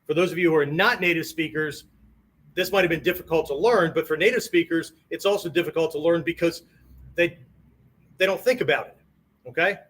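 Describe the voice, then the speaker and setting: Male martial arts teacher, somewhat high voice, chatty lecturing with constant "right?" and "okay?" check-ins. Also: fairly quick, fairly bright tone. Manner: conversational, peppers sentences with "right?" and "okay?"; demonstrates tones of voice on quoted phrases.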